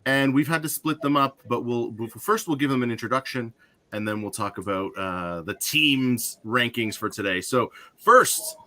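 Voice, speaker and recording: Bright-voiced man hosting a game show. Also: mid-range voice, moderate pace. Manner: joking, upbeat, frequent fillers.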